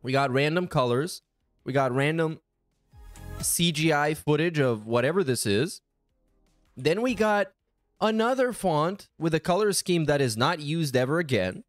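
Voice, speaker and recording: Sarcastic swearing guy doing reaction commentary, kinda high voice, dry sound. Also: expressive, measured pace, no room sound, faint music behind. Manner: sarcastic, profane, exasperated. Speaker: commentary channel host.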